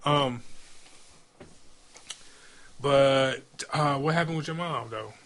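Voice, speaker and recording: A man's voice: mid-range voice, slow, creaky, crowd noise. A man co-hosting a podcast, chatting casually with slang and some stumbling restarts. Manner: enthusiastic, slangy, trips over his words. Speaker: podcast co-host. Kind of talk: casual chat.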